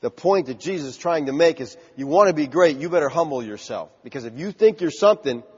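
A man's voice: fairly high pitch, animated, quick pace, husky. A man preaching a sermon in an emphatic, conversational way, heard on a dull recording in a large church hall with a long echo.

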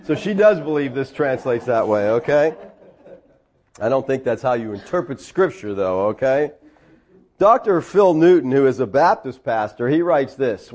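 A man's voice: fairly high pitch, very animated, moderate pace, a little mellow. A man preaching a sermon as pastor, conversational, with teasing asides to his congregation in a church.

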